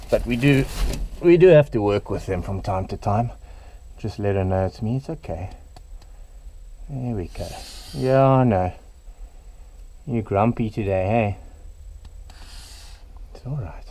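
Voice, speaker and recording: A middle-aged man speaks in a fairly low, mellow voice, relaxed and casual as he explains how he handles a large snake. He sometimes drops to a soft murmur while talking to the animal. The tone stays easygoing and practical, like a keeper showing his work. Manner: relaxed, talks softly to the snake. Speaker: reptile keeper. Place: indoors at a snake enclosure.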